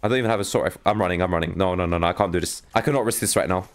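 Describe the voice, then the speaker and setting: A young gaming YouTuber commentates live on his own gameplay, talking excitedly to his viewers and bursting into exasperated outbursts. His voice is low-pitched and very fast, with a little hiss or hum in the audio.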